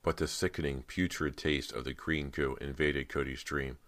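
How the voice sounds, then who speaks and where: A man narrating a horror audiobook in a steady storytelling manner. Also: rumbling low, normal speed, no room sound.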